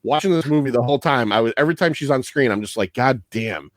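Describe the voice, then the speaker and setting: A man's voice: medium pitch, racing, dry recording, studio quality. A man hosting a podcast, talking casually and profanely, rambling through trivia and laughing often. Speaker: podcast host.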